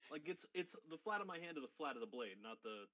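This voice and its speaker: A man's voice: a little high, animated, quick pace, bright, forceful tone, lo-fi sound, slight background noise. A man playing a tabletop game over a video call, asking curious questions. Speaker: player.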